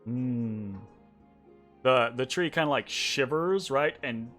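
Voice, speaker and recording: A man narrating a tabletop game as game master, halting and full of ums and fillers. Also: mid-range voice, bright, forceful tone, soft background music. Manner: halting, lots of ums and kinda-likes.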